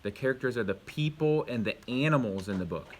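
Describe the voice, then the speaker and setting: A man's voice: mid-range voice, lively intonation, fast, slight background noise. A male elementary school teacher giving a home video lesson to young pupils, patiently asking questions and praising the answers.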